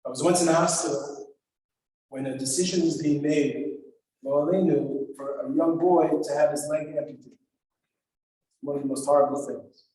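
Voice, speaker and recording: A man's voice: a little high, fairly even intonation, moderate pace, mellow, slight background noise. A man, a rabbi, explaining liturgical lament poems in an earnest, emotional storytelling manner in a synagogue sanctuary. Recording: very echoey hall from far off.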